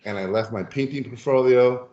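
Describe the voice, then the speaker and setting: A man from Mexico, a podcast guest telling anecdotes in a lively, animated way and acting out the people in them. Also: medium pitch, normal speed. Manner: lively storyteller who acts out voices. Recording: roomy, dull lo-fi sound.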